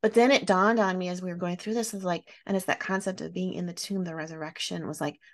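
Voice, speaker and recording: A woman's voice: fairly low pitch, fairly even intonation, fast. Tender, reflective woman podcast host. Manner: tender, reflective, voice soft when near tears. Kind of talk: heartfelt interview conversation.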